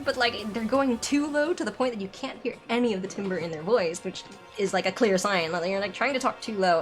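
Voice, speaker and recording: A young woman streamer giving rambling, animated commentary while playing a video game. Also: medium pitch, brisk. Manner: rambling, animated, exasperated laughter. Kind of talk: casual let's play commentary. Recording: game music loud underneath.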